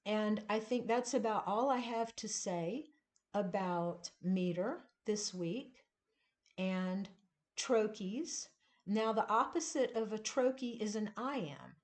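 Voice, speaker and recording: A woman teaches poetry in a casual video lesson, taking her time over each phrase. Her pace is slow and deliberate, and she leans into the beat of each line as she explains it. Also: mid-range voice, darkish tone. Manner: slow, deliberate, emphasizing rhythm. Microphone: camera at desk, seen gesturing.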